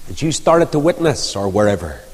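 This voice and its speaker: A man preaching a sermon, telling stories with lively emphasis. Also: on the low side, fairly quick, husky. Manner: storytelling, animated, rising and falling emphasis. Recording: long reverb of a large hall.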